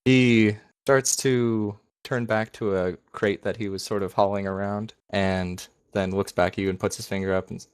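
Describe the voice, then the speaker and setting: Game master, man, very low voice, dry close sound, casual narration. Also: level tone, moderate pace, hardly any pauses, clear, resonant tone, no room sound. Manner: casual, self-correcting.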